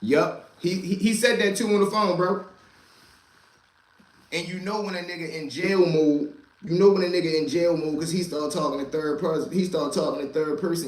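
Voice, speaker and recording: A man with a somewhat high voice tells wild stories from his past in loose, profane street slang, repeating lines for punch. The sound bounces around an echoey room. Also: fairly even intonation, normal speed. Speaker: host telling street stories. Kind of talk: casual storytelling.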